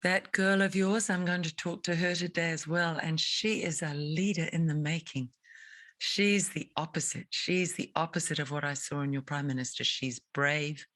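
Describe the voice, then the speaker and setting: A woman's voice: low-pitched, fairly even intonation, normal speed, a bit bright, no room sound, rough recording. A woman interviewing a guest, speaking in an indignant, emphatic and rhetorical way. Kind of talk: impassioned advocacy interview.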